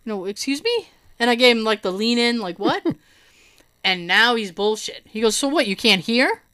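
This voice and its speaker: Telling a story in casual chat, a woman acts out quotes and laughs often, animated throughout. Her voice is fairly high and smooth at a moderate pace, and she has hearing loss in her right ear.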